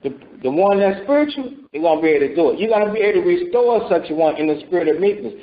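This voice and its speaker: Man, preacher, Bible teaching, rhetorical questions, high voice, dull lo-fi sound. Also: lively intonation, quick pace, slight background noise. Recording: dull lo-fi recording.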